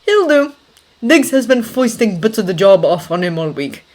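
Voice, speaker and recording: A woman reading a story aloud, voicing a loyal, measured male army corporal who speaks plainly. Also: medium pitch, big pitch swings, a little mellow, close to an everyday voice. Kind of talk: audiobook character voice.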